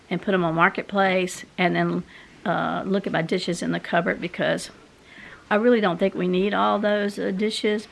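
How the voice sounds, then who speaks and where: A woman's voice: medium pitch, vocal fry, slight background noise. A woman, rambling casually to her viewers in a home vlog. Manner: chatty, rambling, talks to viewers directly. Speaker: vlogger. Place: home, indoors.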